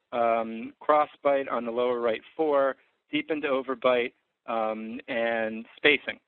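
A man's voice: mid-range voice, smooth, no echo. Man, orthodontist, clinical lecture, methodical, filler-heavy, phone-like thin audio. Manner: methodical, technical, with frequent fillers. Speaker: orthodontist presenting clinical cases. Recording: dry tinny phone-like sound.

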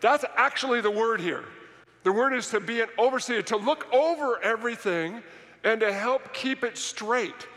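A man's voice: very high voice, sharp tone, in a large hall. A man preaching a sermon as pastor in a church worship center, emphatic and repetitive, often asking the audience questions.

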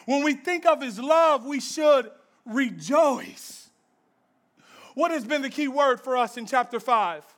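Male pastor, very high voice, fervent sermon, hushed to shouting, rhythmic repeats. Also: animated, slow pace. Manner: passionate preaching, swings from hushed to shouting; repetitive rhythmic call-and-response phrasing.

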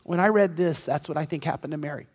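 A man with a notably high, light voice preaches a sermon, telling a personal story in an earnest way and driving his points home through repetition. His voice rings out with a long, lingering reverb, as in a large church sanctuary. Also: fast talker. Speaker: pastor.

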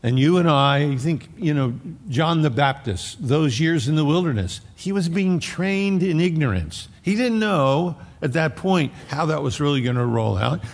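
A man's voice: fairly high pitch, lively intonation, normal speed, hardly any pauses. A man preaching a sermon in a conversational way, acting out the voices of the people he quotes. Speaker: pastor. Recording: long hall reverb.

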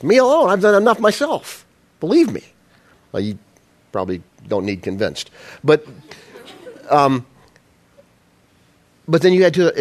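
A man preaching a sermon in a conversational style, asking the congregation rhetorical questions. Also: on the high side. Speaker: pastor.

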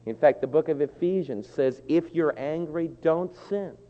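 Animated male preacher, slightly high voice, dull recording. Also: normal speed. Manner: animated preaching, acts out shouted quotes. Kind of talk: sermon. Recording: dull lo-fi sound with long hall reverb.

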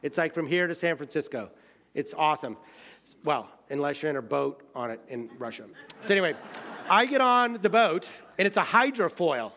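An American man telling a personal travel story in a casual way, full of fillers, swinging between excited outbursts and quiet, hushed moments. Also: fairly high pitch, moderate pace, slight background noise. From United States.

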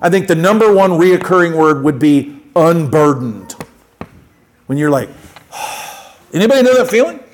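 A man's voice: a little high, big pitch swings, a little slow, long pauses, rough recording. A man preaching a conversational sermon to his congregation, acting out short everyday exchanges as he goes. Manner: conversational, acts out little quoted exchanges. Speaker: pastor.

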